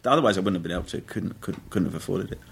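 A man's voice: low-pitched, animated, very fast, gravelly, a little hiss or hum. A middle-aged man, an actor telling stories in a casual interview, rambling with restarts and frequent laughs. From England. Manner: rambling, self-correcting, laughs often. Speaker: actor, guest.

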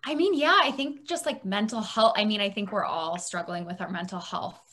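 A woman's voice: mid-range voice, a little fast, bright, forceful tone. A woman therapist speaking as a podcast guest, chatty and thinking aloud with many fillers. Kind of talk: casual interview chat.

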